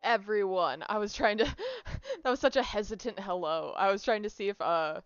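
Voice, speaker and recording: A young woman chats with her stream viewers in a loose, rambling manner, laughing at herself and drifting into quick asides. Her voice sits at an ordinary middle pitch. The sound is dry and a little dull, with faint music underneath. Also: sing-song, no echo. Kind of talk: casual stream chat. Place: apartment room. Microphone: desk microphone.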